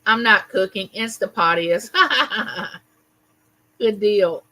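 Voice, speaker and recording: Bright-voiced woman telling stories live. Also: medium pitch, drawn-out words, rough recording. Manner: animated storyteller, greets viewers warmly by name. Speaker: livestream host. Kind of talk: casual livestream chat and storytelling.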